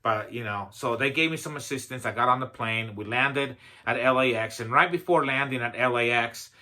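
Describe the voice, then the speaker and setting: A man speaking as a motivational speaker, telling a personal story in a loose, conversational way. His voice is bright and forward, set in a middle pitch, with plenty of "um" and "you know" and a self-deprecating humor. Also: fairly quick. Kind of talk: storytelling talk.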